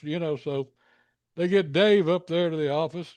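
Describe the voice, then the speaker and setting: A man's voice: moderate pace, dry recording. A man casually telling a long anecdote, acting out the people in it with big jumps in his voice. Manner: animated, acts out quoted voices with pitch jumps.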